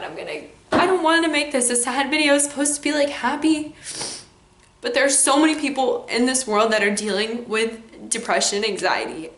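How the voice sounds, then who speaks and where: In a roomy-sounding recording, a young woman with a bright, forceful, medium-pitched voice vlogs about something personal. Nearly crying, she talks candidly and emotionally, leaning heavily on "like" and "um."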